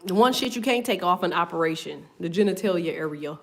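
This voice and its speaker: A woman's voice: fairly low pitch, lively intonation, a little fast, a little hiss or hum. Laughing, profane tarot reader woman. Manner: loose, profane, laughs often, goes off on tangents. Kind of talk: casual tarot reading chat.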